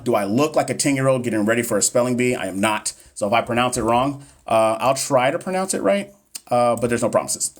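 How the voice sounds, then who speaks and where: A man in his thirties with a medium-pitched voice coaches nursing exams on a live stream. He's joking and chatty as he casually reads exam questions, addresses viewers directly, and trips over medical terms.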